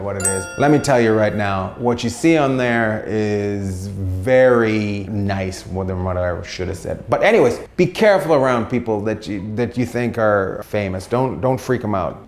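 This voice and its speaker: Stand-up comedian man, storytime between clips, gravelly, lively delivery, echoey room. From Canada. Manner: animated, jumps into loud high impressions and laughs.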